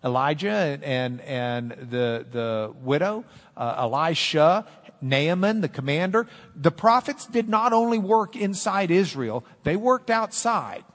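A man preaching a sermon, animated, quoting scripture in dramatic voices. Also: fairly high pitch, measured pace. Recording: long hall reverb.

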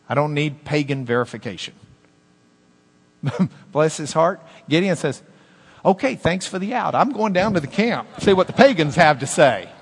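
A man preaching a sermon as pastor, animated, with swings between loud emphasis and hushed asides. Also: fairly high pitch, moderate pace, husky, big-room sound.

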